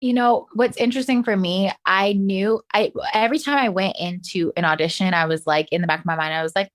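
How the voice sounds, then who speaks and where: Lively low-voiced woman telling stories. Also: normal speed, few pauses. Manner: animated, laughs often, acts out quoted voices. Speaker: professional dancer, podcast guest. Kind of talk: casual interview storytelling.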